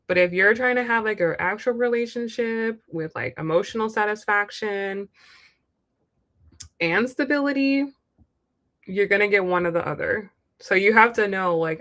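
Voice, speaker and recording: A woman's voice: fairly low pitch, a bit bright. A young woman giving a live tarot reading, talking frankly and chatting straight to the viewer, often acting out what people might say. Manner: chatty, frank, acts out quoted voices. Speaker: tarot reader.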